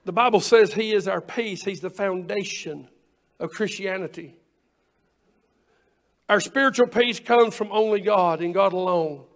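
Man, pastor, high-pitched, sermon, repeats phrases. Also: measured pace, pauses often. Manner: quotes scripture in King James wording, repeats phrases.

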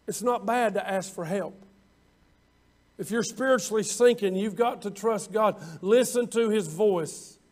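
A high-voiced man preaching a sermon. He leans hard on his words, slowing down and swelling in volume whenever he quotes scripture. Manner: preaching with drawn-out emphatic lines, rising louder on scripture quotes. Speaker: pastor.

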